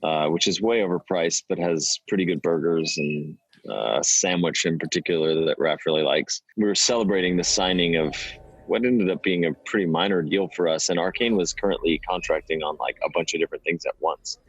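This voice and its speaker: Man, deep husky voice, candid game developer storyteller, dry close sound. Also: brisk, dry recording, poor audio. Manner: candid, swears, laughs at himself. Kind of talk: casual interview storytelling.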